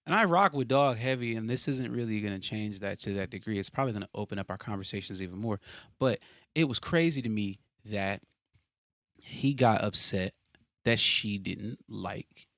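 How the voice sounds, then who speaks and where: Gravelly low-voiced man ranting. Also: no echo, studio quality. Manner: animated, profane, exasperated ranting. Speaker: podcast host. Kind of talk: casual podcast rant. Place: home basement.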